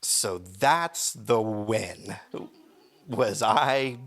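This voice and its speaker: A man's voice: on the low side, very slow, creaky, a bit bright. A young adult man, a pastor, telling a personal story in a sermon, rambling and cutting himself off mid-sentence. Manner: rambling, self-interrupting storyteller. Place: church.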